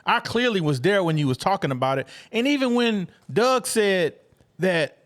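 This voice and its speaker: A man from Atlanta co-hosts a casual sports talk show, speaking with a high-pitched voice. He talks in an animated way and repeats words as he restarts his sentences. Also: moderate pace. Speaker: podcast co-host.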